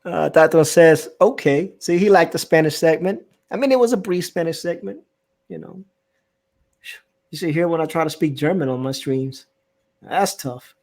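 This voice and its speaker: A man's voice: on the high side, moderate pace, creaky, darkish tone. A man hosting a casual live stream, joking around and reading viewer comments aloud. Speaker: stream host.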